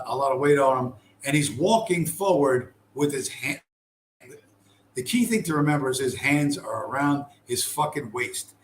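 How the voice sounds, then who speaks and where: A man's voice: mid-range voice, a little hiss or hum. Blunt, foul-mouthed man in an echoey room. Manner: blunt, heavy swearing, sarcastic. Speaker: video commentator. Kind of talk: profane commentary over a screen-shared video. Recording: echoey room with faint ambience.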